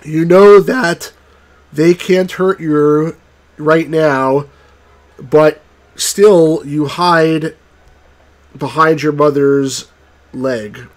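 Slow, stumbling let's play reader, a man. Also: on the high side. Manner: halting, stumbles and rereads words. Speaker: game reviewer. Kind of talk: reading game text aloud on a let's play.

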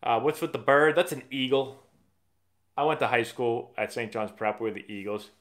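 A man's voice: mid-range voice, steady tone, moderate pace, fairly bright tone. A man from Massachusetts hosting a casual live stream, answering viewer questions as a rambling, chatty storyteller. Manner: rambling, chatty storyteller who often restarts sentences.

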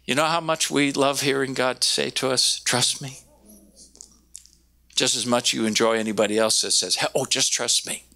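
A man preaching a sermon, animated, slowing down to stress key words and raising his voice when he quotes. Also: vocal fry. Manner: animated, quoting with raised pitch, slowing for emphasis. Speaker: pastor.

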